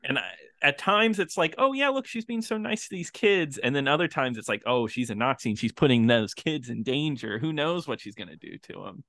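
A man's voice: mid-range voice, fairly quick, hardly any pauses. A man co-hosting a movie podcast, talking casually and animatedly about a film. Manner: animated, laughs often. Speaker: podcast co-host. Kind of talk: casual movie review chat.

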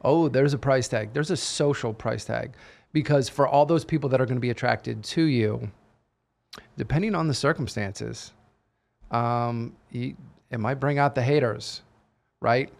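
A man co-hosts a casual podcast and talks like a motivational coach, leaning hard on his points. His voice has a gravelly, fry-tinged edge and sits at an ordinary middle pitch. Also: measured pace, darkish tone. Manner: emphatic, motivational. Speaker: podcast co-host. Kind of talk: casual chat.

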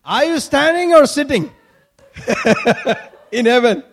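High-voiced exuberant Indian preacher man. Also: moderate pace. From Kerala, India. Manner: exuberant, shouts and laughs, playful asides. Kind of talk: energetic sermon.

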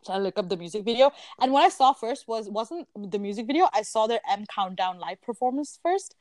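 Young woman co-host, animated storyteller, acts out quotes, laughs easily; dry, close recording. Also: fairly high pitch, a little fast, no echo. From Canada. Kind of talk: casual chat.

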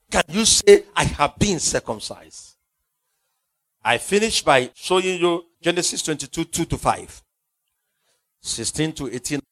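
High, animated preacher man. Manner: impassioned, repetitive rhetorical questions. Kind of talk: sermon.

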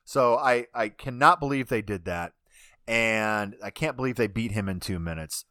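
A man co-hosting a casual podcast, ranting in an animated way and often restarting his sentences. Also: lowish voice, normal speed, no echo, clean studio sound. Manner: animated, ranting, talks over himself with restarts. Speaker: podcast co-host. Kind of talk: casual chat.

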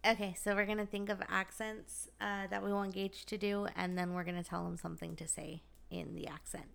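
A woman's voice: medium pitch, flat delivery, a little fast, vocal fry, a bit bright, smooth. A woman hosting a casual chat, giggly and teasing. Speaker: host.

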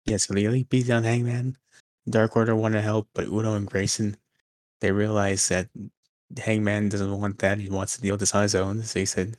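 Low-voiced man recapping in casual chat. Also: flat delivery, moderate pace, a little mellow, no room sound. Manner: recaps events, acts out short silly voices. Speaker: podcast co-host.

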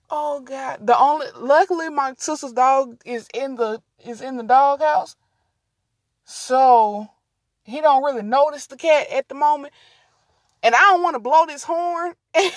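A woman's voice: high voice, a little slow, no room sound, studio quality. Chatty rambling podcaster woman, drawl. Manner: rambling, easily distracted, talks to listeners as y'all. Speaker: podcast host. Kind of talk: casual solo podcast chat.

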